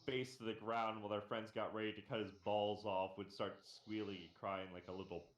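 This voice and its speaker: A man's voice: on the low side, level tone, brisk. A man hosting a live stream, ranting in casual, profane banter with a sarcastic, emphatic manner. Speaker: stream host. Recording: echoey room.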